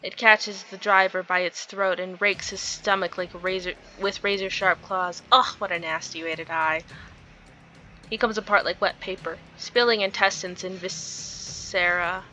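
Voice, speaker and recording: Bright-voiced woman reading a game aloud. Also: mid-range voice, fairly even intonation, moderate pace, faint music behind. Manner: reads the story dramatically, breaks off into giggly asides. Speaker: game streamer. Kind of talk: reading a visual novel aloud with commentary.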